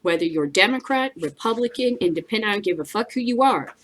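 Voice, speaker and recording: A woman's voice: medium pitch, lively intonation, fast, a bit bright. A woman hosting a casual commentary show, ranting bluntly with lots of swearing and frequent laughter. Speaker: host.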